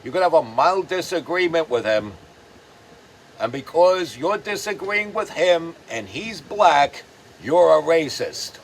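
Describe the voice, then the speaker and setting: A man hosting his own commentary show speaks in a fairly high voice at a deliberately slow, drawn-out pace. He rants with mocking sarcasm and frequent profanity. Faint traffic sounds drift behind him. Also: lively intonation. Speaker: host. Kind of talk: ranting commentary.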